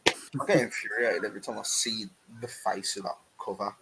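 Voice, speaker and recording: A man's voice: lowish voice, steady tone, a little fast, a bit bright. A man in a casual movie chat, grumbling and making sarcastic asides. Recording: noisy recording with clicks.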